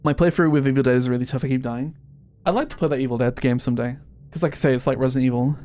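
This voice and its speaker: A man's voice: medium pitch, racing, darkish tone, a little hiss or hum. Chatty English man streaming a game. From England. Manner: chatty, laughs often, self-deprecating. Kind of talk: casual gaming stream chat.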